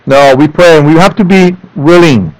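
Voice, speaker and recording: A man preaching a sermon in church, animated, rising into loud emphatic lines and dropping to low asides for the congregation. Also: normal speed, no room sound, rough recording. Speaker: pastor. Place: church sanctuary.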